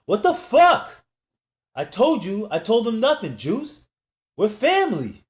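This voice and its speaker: Man doing a panicked, shouting young man. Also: big pitch swings, a little slow. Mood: pleading. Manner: high-pitched, pleading, shouted. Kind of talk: audiobook reading.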